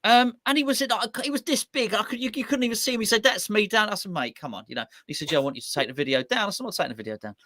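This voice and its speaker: A bright, quick-talking man tells stories in a casual chat, acting out what other people said. His voice sits a little high and sounds close and dry. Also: no room sound. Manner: animated storytelling, quotes others. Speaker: fan channel host.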